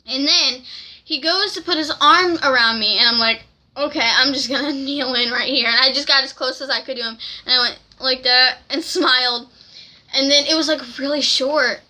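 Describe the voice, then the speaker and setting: A young woman telling an excited, rambling story to camera in a casual vlog, often giggling. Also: high-pitched, normal speed. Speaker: vlogger.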